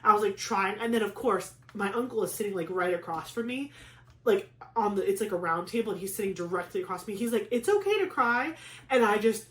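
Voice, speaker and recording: A woman's voice: medium pitch, fast, roomy sound. Chatty young woman telling a story. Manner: chatty, many "like" fillers, animated retelling. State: pregnant. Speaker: craft vlogger. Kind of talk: casual storytelling chat.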